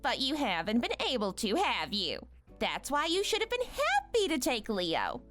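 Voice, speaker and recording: A woman voicing a scheming, rude young mother, speaking in a mocking, condescending and bossy way over soft music. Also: sits high, wildly swooping pitch, moderate pace, exaggerated voice. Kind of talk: animated story voice acting.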